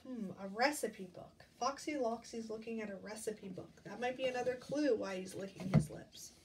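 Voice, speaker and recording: A woman reading a picture book aloud to children in a lively way, stopping to ask them about the pictures. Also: a little high, normal speed. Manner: lively, asks listeners questions about the pictures. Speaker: storybook reader. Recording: distant mic, faint background noise.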